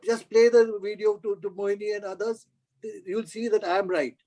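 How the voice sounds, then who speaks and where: A man chatting playfully on a video call, halting with many fillers. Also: high-pitched, fairly even intonation, warm tone, poor audio. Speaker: book club member. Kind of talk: casual chat.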